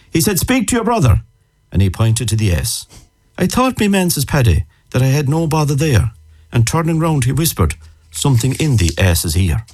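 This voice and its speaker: An Irish man co-presenting a radio show, chatting and reciting a comic ballad in a lively storytelling way. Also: medium pitch, husky.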